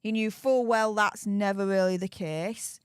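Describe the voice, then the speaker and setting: A woman's voice: mid-range voice, steady tone, unhurried, smooth, dry recording, studio quality. A tired woman from the UK reading a book aloud on a live stream, chatty, with sarcastic asides. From United Kingdom. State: tired after hours of streaming. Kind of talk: casual live-stream commentary.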